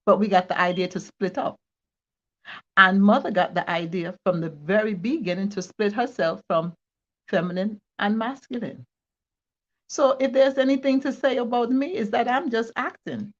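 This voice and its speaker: Playful woman w an accent, laughs a lot, repeats herself, slightly dull video call sound, mid pitch. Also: normal speed. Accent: non-native English accent. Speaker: guest. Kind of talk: casual chat.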